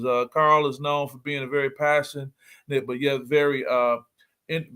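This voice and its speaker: A middle-aged man hosts a motivational talk at an even, mid-range pitch. He speaks earnestly and comes back to his key points to drive them home. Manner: earnest, repeats key points for emphasis, greets viewers by name. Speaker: motivational livestream host.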